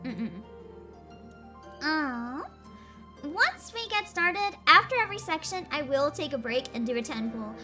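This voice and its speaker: A woman streaming a game in casual chat, chatty and expressive, laughing often between remarks. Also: high voice, a little slow, long pauses. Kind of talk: casual gaming livestream chat. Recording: game music playing loudly behind.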